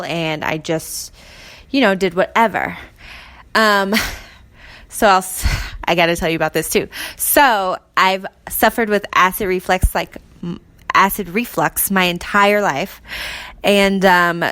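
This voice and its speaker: A woman's voice: mid-range voice, fairly bright tone. A young adult woman hosting her own podcast, talking casually and rambling with lots of fillers and frequent laughs. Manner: chatty, rambling, laughs often, many "like" fillers. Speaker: podcast host. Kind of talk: casual solo podcast chat.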